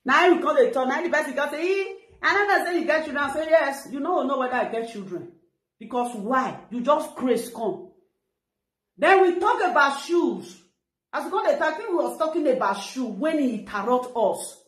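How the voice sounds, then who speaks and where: Woman, middle-aged, Nigerian Pidgin English accent, animated ranting, live-stream chat, roomy echo. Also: sits high, moderate pace. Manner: animated, ranting, retells what others said. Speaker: vlogger on a live video. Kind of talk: casual live-stream talk.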